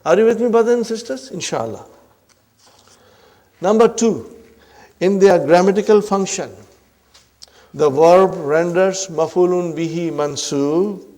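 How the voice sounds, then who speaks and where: A man lectures on Arabic grammar at an unhurried pace, his voice pitched somewhat high. He repeats each point and keeps asking whether the class is following. He addresses the listeners as brothers and sisters. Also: darkish tone. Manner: repeats points, checks in often with "huh?" and "are you with me".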